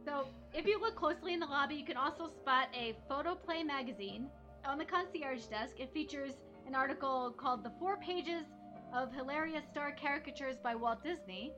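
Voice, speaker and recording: A woman's voice: sits high, normal speed, dull audio, music in the background. A woman hosting a casual chat, upbeat and steering the conversation. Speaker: podcast host. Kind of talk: casual chat with guided narration.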